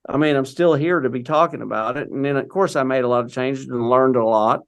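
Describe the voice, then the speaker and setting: An older man with a gravelly edge sits as an interview guest, spinning a long personal story. He talks loosely and rambles, circling back with "you know" and restarting his thoughts, at an ordinary middle pitch. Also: a little fast. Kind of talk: conversational storytelling.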